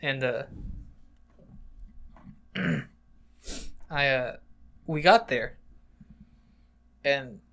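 A young man co-hosting a casual podcast, telling a long story in a rambling, animated way and laughing often. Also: mid-range voice, drawn-out words, long pauses. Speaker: podcast co-host.

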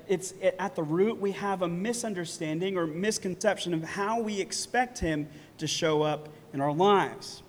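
In a church hall with long reverb, a pastor preaches in a casual, conversational way, often tacking "right?" onto his points and laughing lightly. His voice is fairly high for a man.

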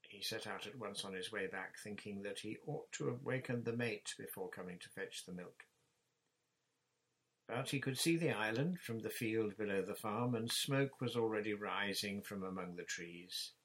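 A man narrating a children's story chapter in a measured, plain reading voice. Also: lowish voice, fairly bright tone, breathy edge, rough recording. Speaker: audiobook narrator.

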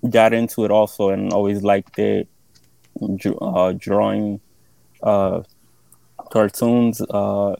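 A man who is an independent artist, a guest speaking modestly and haltingly in a casual interview. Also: fairly low pitch, little pitch movement, vocal fry, dark tone, no room sound, low-quality recording. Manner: modest, halting, many fillers.

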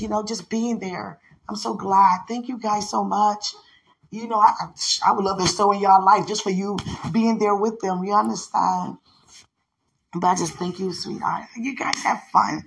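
A speaker leaving a rambling, affectionate voice message, gushing with warmth and thanking God along the way. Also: mid-range voice, slightly rough. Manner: effusive, rambling, affectionate, often devout.

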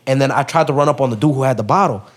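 A man guesting on a podcast, telling a story in casual, profane street slang, with lots of "bro" and lively acted-out lines. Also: mid-range voice, very fast. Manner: acts out other people's lines in raised voices.

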